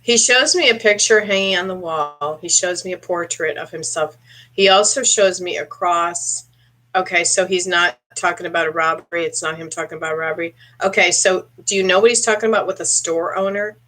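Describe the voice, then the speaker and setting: Throat-clearing woman with a bright, tense voice. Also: on the low side. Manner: halting, searching delivery with frequent throat clearing; addresses a viewer directly with questions. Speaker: psychic medium. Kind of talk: live-stream psychic reading.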